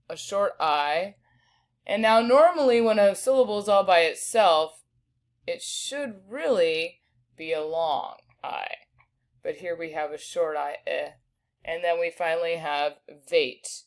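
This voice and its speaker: A woman teaching a recorded spelling lesson, patiently sounding out each word slowly. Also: fairly low pitch. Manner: patient, slow sounding-out of words.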